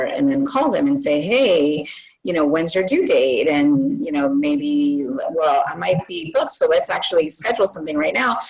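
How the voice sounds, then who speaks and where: A woman with a low-pitched voice, the guest expert on an online webinar. She explains casually and relaxedly, her speech peppered with fillers. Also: a little mellow, low-quality recording.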